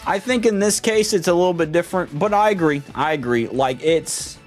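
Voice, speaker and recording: A man's voice: sits high, a little fast, faint music behind. A man streamer in casual live-stream chat, rambling and often repeating and restarting his words.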